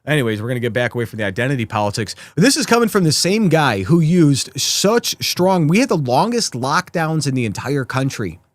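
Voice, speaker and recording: A man's voice: mid-range voice, big pitch swings, brisk, few pauses, dry recording. A man hosting a live political commentary show, talking sarcastically and mockingly to his viewers.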